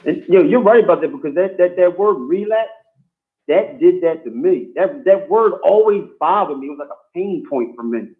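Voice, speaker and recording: A man with a slightly high voice who talks in loose street slang and often stumbles and restarts his sentences. He sounds thin and tinny, as if he were coming in over a phone line. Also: animated, normal speed. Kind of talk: casual chat.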